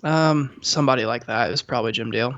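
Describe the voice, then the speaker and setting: A man's voice: mid-range voice, fast talker, fairly bright tone, no room sound. Playful young man on a dull lo-fi mic. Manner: playful mock-serious banter, laughs often. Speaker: podcast co-host. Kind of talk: joking casual chat.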